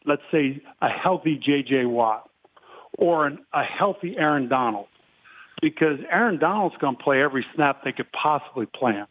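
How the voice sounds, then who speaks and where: A man in his fifties, a guest giving measured football analysis and clearing his throat often. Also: fairly high pitch, lively intonation. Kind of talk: casual phone interview. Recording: tinny phone line.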